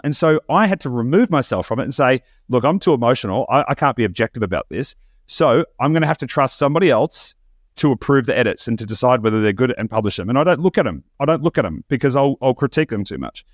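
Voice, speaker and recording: Fast-talking animated man. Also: mid-range voice, dry recording, clean studio sound. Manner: fast, animated, stumbling restarts. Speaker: podcast host. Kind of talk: casual podcast chat.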